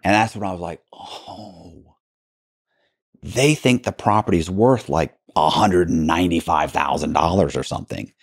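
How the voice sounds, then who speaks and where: A man telling a story as an interview guest, acting out quoted dialogue with halting restarts. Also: low-pitched, no echo, clean studio sound.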